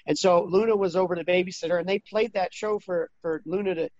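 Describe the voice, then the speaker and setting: A man in his thirties talking casually as an interview guest, rambling with many restarts and getting animated when he quotes others. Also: high voice, fast, dry recording, highs cut off.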